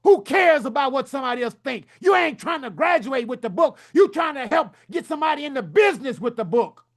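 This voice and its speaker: A middle-aged man, giving a loud, preacherly motivational talk at a summit. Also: extremely high pitch, expressive, brisk. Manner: loud, preacherly, rousing with call-and-response asides. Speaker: summit speaker. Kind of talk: energetic motivational presentation.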